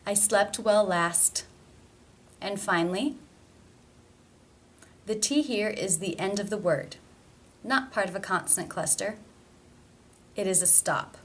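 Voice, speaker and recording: Female pronunciation teacher, mid-pitched, deliberate and clear in her demonstrations. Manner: slow, careful demonstration of sounds. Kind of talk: pronunciation lesson.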